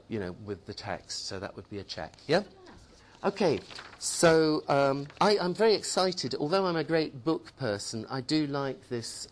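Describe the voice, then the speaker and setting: Chatty man leading a teacher workshop. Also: a little high. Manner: chatty, tag questions. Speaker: teacher trainer. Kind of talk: workshop presentation.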